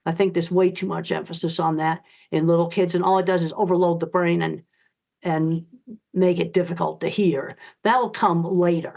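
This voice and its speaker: A woman's voice: on the low side, steady tone, normal speed, creaky, a little mellow. An older woman answering interview questions in a blunt, emphatic, direct way. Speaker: guest author. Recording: dull lo-fi audio.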